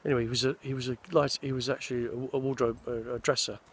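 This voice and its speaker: An actor in his sixties talks fast in a flat, medium-pitched voice. Outdoors among the trees, he tells loose, wandering anecdotes about his film career, circling back and restarting as he chats casually.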